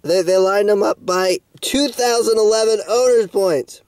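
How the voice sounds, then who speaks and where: A man vlogging in a halting, rambling way, full of restarts and fillers, with a melodramatic, self-pitying tone. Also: sits high, darkish tone, dry recording. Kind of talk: rambling video diary.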